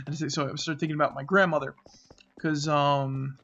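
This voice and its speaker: A man casually telling a story of a frightening night, rambling and halting with many restarts, dropping to a murmur when he voices his own fearful thoughts. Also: on the high side, steady tone, fairly bright tone, muffled recording, slight background noise. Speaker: channel host.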